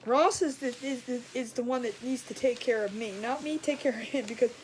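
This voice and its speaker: A middle-aged woman with a fairly high voice talks in a rambling, colloquial way, like a craft host chatting with viewers. She gets animated when she tells a story. There is a faint hiss of noise behind her. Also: brisk. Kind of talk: casual storytelling chat.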